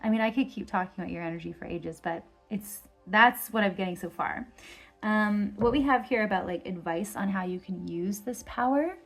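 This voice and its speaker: A woman's voice: mid-range voice, normal speed, fairly bright tone, soft background music. A woman giving a casual pick-a-card tarot reading, rambling with constant fillers and gushing with enthusiasm. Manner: effusive and enthusiastic. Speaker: tarot reader.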